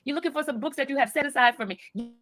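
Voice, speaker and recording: A woman's voice: sits high, very fast, fairly bright tone. A woman on a recorded call, teasing and laughing, repeating herself. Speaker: caller from prison.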